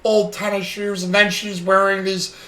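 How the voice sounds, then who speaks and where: A man's voice: high-pitched, flat delivery, moderate pace, bright, forceful tone, echoey room, poor audio. A man co-hosting a casual chat podcast, recapping a TV episode in a rambling way with lots of fillers. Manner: rambling, acts out quoted lines, frequent fillers.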